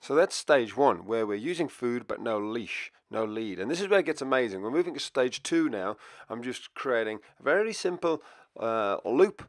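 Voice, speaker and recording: A man's voice: mid-range voice, animated, moderate pace, no room sound. A man who trains dogs, giving an upbeat, explanatory voice-over lesson. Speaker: dog trainer. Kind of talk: instructional voice-over.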